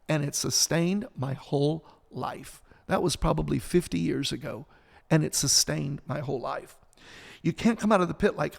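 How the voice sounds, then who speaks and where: Impassioned older preacher, gravelly and high. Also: male voice, moderate pace, a bit bright, big-room sound. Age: 60s. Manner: impassioned preaching with repetition and rising emphasis. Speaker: pastor. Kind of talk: sermon-style podcast talk.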